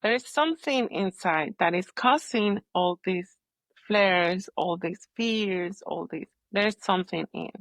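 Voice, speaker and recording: A woman guest on a podcast, a holistic healer, telling her story in candid conversation, halting and searching for words but earnest. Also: mid-range voice, no room sound.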